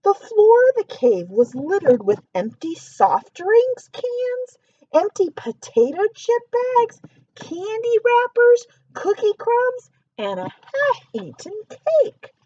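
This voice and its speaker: Woman telling a kids story, high lively voice, slow and clear, questions for the child. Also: no room sound, muffled recording. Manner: animated, asks the listener questions. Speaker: teacher reading a story aloud.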